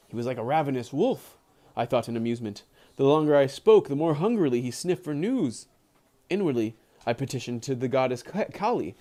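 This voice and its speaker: An animated male streamer reads a book aloud live and drifts into casual chat with his viewers. His pitch swings widely and sits a bit high, while the tone stays mellow. He laughs easily and often restarts a phrase to correct himself. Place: home, with pet dogs nearby.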